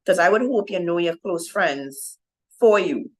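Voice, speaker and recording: Her lowish voice has lively intonation and an unhurried pace as this women's ministry speaker teaches the Bible informally to women. She keeps asking "right?", and the recording quality is low.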